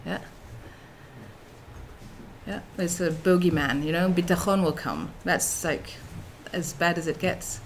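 A woman's voice: on the low side, measured pace, a little hiss or hum. A middle-aged woman giving an academic lecture as a researcher, speaking thoughtfully with frequent fillers and restarts.

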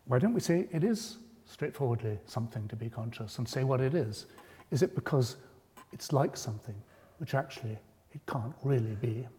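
Guy giving a lecture, mellow low-key voice, big hall echo, steady explaining tone. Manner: measured, explanatory, rising emphasis on key points. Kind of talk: public lecture. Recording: long reverb of a lecture hall.

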